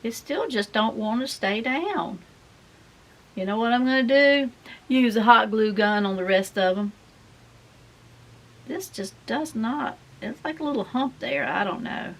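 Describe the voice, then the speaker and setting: A woman's voice: a little high, expressive, measured pace. A middle-aged woman, chatting in a folksy, rambling way as she works on a craft project. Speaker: craft vlogger. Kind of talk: casual chat while crafting.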